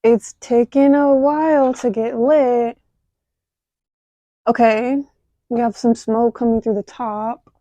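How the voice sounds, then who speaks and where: A woman's voice: a little high, takes it slowly, long pauses, dry recording, dull audio. Chatty young woman vlogging crafts. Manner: chatty, many "like" fillers, excitable. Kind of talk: casual chat while crafting. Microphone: phone camera.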